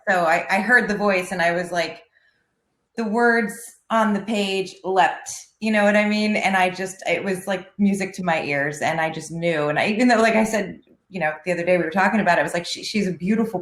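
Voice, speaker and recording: A woman's voice: lowish voice, roomy sound. A woman, a filmmaker, talking effusively about her film in a group Q&A on a video call. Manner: effusive, halting with many fillers. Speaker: filmmaker, producer and wardrobe designer.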